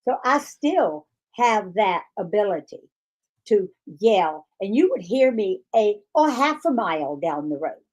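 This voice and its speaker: Slow-talking woman co-host telling stories. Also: mid-range voice, big pitch swings, a little mellow. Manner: slow, storytelling. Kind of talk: casual chat.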